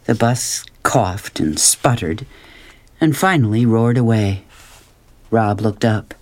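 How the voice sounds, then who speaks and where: Man narrator for an audiobook: measured, unhurried storytelling, plain reading voice. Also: lowish voice. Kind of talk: scripted narration.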